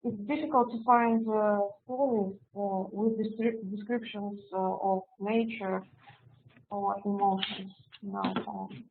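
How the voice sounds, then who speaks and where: A woman student, native Russian speaker, answering hesitantly in English in an online lesson, with many pauses. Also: medium pitch, steady tone, gravelly, husky. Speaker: language student. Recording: tinny phone-like online call.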